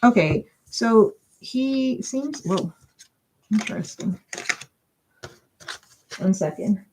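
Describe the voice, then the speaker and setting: A woman's voice: medium pitch, expressive, drawn-out words, background noise. A woman doing a chatty live-stream tarot reading, thinking aloud with lots of fillers and giggling now and then. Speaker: tarot reader. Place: home.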